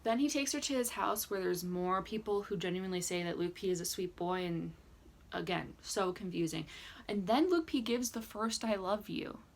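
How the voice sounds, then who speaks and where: A woman's voice: mid-range voice, normal speed. A young woman recapping a reality dating show in a casual, sarcastic reaction vlog, full of "like" fillers. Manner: chatty, sarcastic, lots of "like" fillers. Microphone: camera mic with ring light, indoors.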